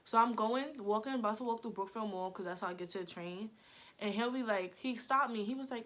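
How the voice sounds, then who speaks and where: A young woman tells a story straight to camera. She talks in a chatty, animated way and leans on "like" constantly, with a voice of middling pitch. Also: moderate pace. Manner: chatty, animated, heavy use of "like". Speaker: vlogger. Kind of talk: storytime vlog.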